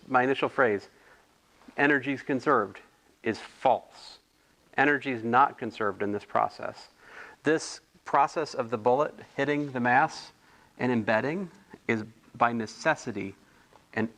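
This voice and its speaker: A man's voice: medium pitch, fairly bright tone. A man tutoring physics homework in a casual, thinking-aloud way, correcting himself and adding chatty asides.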